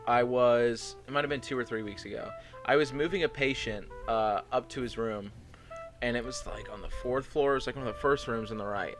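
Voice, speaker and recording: A young man co-hosting a casual podcast, telling an animated story full of "like" fillers and swearing. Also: mid-range voice, a little fast, over music. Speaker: podcast co-host. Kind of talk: casual chat.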